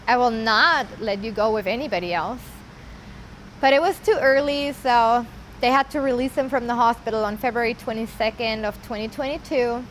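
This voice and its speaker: A woman telling her personal story in an earnest, halting way, often pausing with casual fillers. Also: a little high, a little hiss or hum, poor audio. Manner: earnest, halting, with many "like" and "you know" fillers. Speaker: interviewee sharing her story. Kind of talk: personal testimony.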